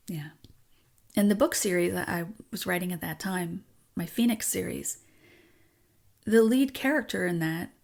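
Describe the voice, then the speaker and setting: A woman songwriter and author in a candid personal conversation, talking frankly and emotionally, swearing, with halting restarts. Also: medium pitch, gravelly.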